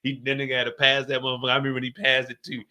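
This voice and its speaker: A middle-aged man hosting a stream, telling a story in a casual, animated way with lots of cursing, raising his voice when he acts out what people said. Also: medium pitch, rapid-fire. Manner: animated, profane, acts out quotes in a raised voice. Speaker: streamer host.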